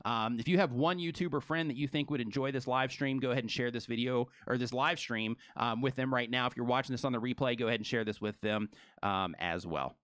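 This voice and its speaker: A man co-hosts a live stream, his medium-pitched voice clear and resonant as he rattles on quickly and energetically. He keeps dropping "you know" and "right," and the close mic gives a dry sound with barely any room tone.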